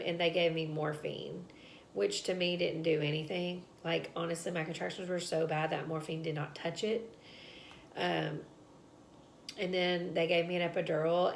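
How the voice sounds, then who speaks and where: A woman's voice: on the low side, creaky, slight background noise. A young woman, telling a personal story to camera in a chatty, casual way, laughing and filling with "like" and "um.". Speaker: vlogger.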